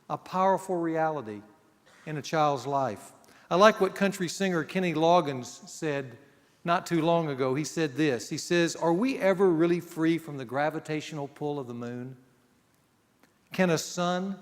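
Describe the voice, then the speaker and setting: A man teaching a men's group in an earnest sermon, dropping to a hushed voice to drive points home. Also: fairly high pitch. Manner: earnest, drops to a hushed voice for emphasis. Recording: long hall reverb.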